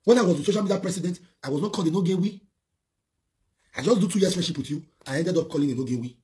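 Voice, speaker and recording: A man's voice: high-pitched, rapid-fire, darkish tone. A man with a Nigerian accent, a social media personality, ranting scornfully on a live video with rhetorical questions. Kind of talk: heated live-video rant.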